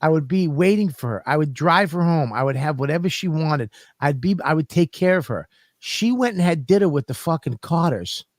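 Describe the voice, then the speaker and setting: Profane, animated man telling stories. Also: a little high, brisk, dry recording, clean studio sound. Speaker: podcast co-host. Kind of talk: casual comedic chat.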